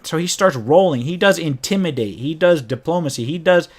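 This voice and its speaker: Animated man telling a game story. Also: on the high side, fairly quick. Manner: animated, acts out quoted players in a raised voice. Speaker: game master recounting a campaign. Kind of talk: casual storytelling.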